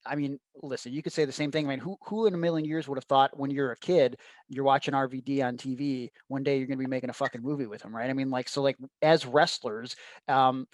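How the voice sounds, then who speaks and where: Enthusiastic podcast host, dry close sound. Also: male voice, medium pitch, steady tone, fast talker, dry recording. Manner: enthusiastic, profane, repeats words when starting a sentence. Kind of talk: casual podcast chat.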